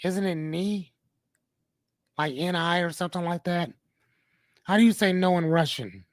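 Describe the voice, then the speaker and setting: A man's voice: high voice, moderate pace, dry recording, clean studio sound. A man hosting a podcast in a casual, rambling way, often correcting himself and talking to his listeners. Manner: rambling, self-correcting, talks to the chat. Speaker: podcast host.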